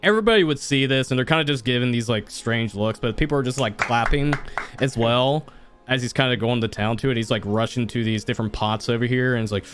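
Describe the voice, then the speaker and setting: A man's voice: medium pitch, fast talker, a bit bright, soft background music. Casual young male game master. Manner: casual, filler-heavy, restarts often. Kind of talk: narrating a tabletop game.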